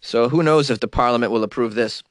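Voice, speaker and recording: A man's voice: medium pitch, fast, no room sound, studio quality. A man with a cold reading news items aloud and mocking them in wry comic commentary. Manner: wry, mocking asides between read-outs. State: has a cold. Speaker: host.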